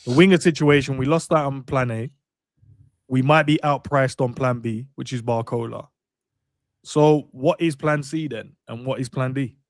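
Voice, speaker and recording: A man's voice: mid-range voice, normal speed, no room sound, clean studio sound. A man co-hosting a football fan show in casual chat, wry and laid-back, with slang. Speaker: co-host of a fan talk show.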